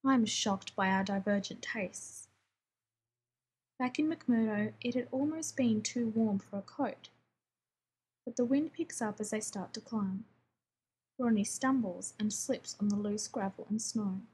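Woman narrating a story, steady. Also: on the high side, a little slow, a little hiss or hum. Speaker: story reader. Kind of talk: scripted narration.

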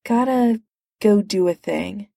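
A brash, flippant grown man in armor brushes everything off with a quip, voiced by a woman reading a story aloud. Her low, gravelly voice keeps him unhurried and mellow. The sound is close and dry. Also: dry recording. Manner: wisecracking, breezy.

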